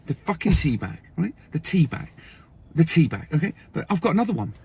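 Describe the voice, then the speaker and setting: A man's voice: a little high, very animated, fairly quick, creaky, a little mellow, slightly rough. A man from England with an English accent, ranting in a comic, exasperated way, with lots of swearing and stammering restarts. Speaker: TikTok creator. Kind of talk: comic rant to camera.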